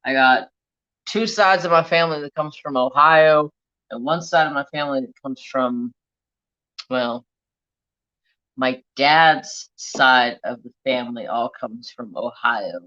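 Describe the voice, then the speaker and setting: A man's voice: medium pitch, unhurried, bright, forceful tone. Rambling man with a lo-fi drawl. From California. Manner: rambling, self-talking, joking, loose Southern-tinged drawl. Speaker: craft channel host. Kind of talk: casual live-stream chat.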